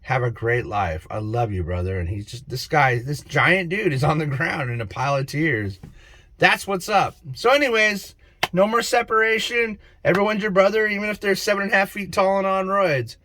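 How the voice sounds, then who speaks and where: A man giving an excitable, preachy spiritual monologue to camera as a vlogger, laughing at his own stories. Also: high-pitched, moderate pace, a little hiss or hum.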